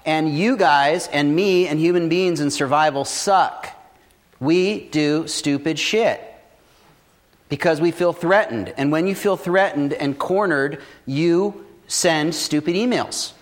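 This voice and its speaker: A man giving casual, blunt business advice, swearing freely and telling stories in an animated way. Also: fairly high pitch, takes it slowly. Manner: profane, blunt, animated storytelling. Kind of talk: casual motivational talk.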